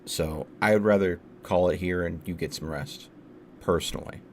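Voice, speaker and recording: A man acting as game master on a group stream, talking in a calm, measured and persuasive way over a voice call. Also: low voice. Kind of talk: casual chat on a group stream. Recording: faint background noise.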